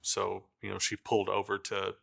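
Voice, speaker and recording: A middle-aged man giving a halting documentary interview, with many fillers and restarts. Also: low voice, completely flat delivery, creaky, fairly bright tone. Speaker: brother of the deceased.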